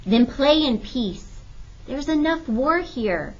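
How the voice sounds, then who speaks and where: A woman playing a stern but kind frontier mother, speaking with firm, measured scolding, on a dull lo-fi recording. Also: sits high, expressive, voice pushed up. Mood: weary.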